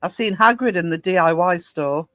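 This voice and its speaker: A woman from Northumberland with a soft Northumbrian English accent, chatting casually as a podcast co-host, blunt and quick to swear. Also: fairly low pitch, no room sound, faint music behind, rough recording. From Northumberland, England. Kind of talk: casual chat.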